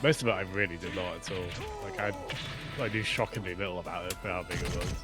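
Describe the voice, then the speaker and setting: A man's voice: low voice, fairly even intonation, fast, music in the background. A man playing a fighting game with a friend, chatting on tangents and laughing often. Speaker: co-player. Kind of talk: casual gameplay banter.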